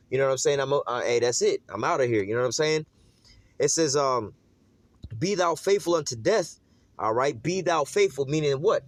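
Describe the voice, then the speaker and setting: A man preaching an informal sermon in a casual, streetwise way, slowing down to read scripture aloud. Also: medium pitch, no room sound. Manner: casual and streetwise, calling listeners "man" and asking "all right?".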